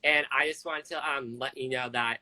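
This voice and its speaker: A man's voice: mid-range voice, fairly even intonation, moderate pace, pushed and bright, poor audio. A man hosting a casual live-stream interview over a video call, effusive and gushing with thanks. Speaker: interviewer, social media host.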